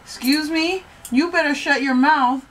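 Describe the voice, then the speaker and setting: A woman's voice: sits high, a little slow, a bit bright, a little hiss or hum. An actress playing a brash, profane sex worker demanding her money in a comedy sketch. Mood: furious. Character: fiery, loud-mouthed female sex worker demanding pay.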